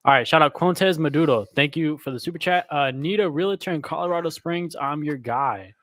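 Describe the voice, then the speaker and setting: A man's voice: on the high side, brisk, fairly bright tone, no echo, clean studio sound. A man co-hosting a podcast, reading chat messages and joking along. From Tampa area, USA. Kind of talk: casual chat.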